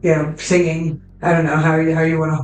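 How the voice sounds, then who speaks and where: A woman's voice: low-pitched, level tone, brisk, reverberant, far from the mic, soft background music, poor audio. A woman narrating a tabletop game as game master, casual and full of fillers, swearing freely.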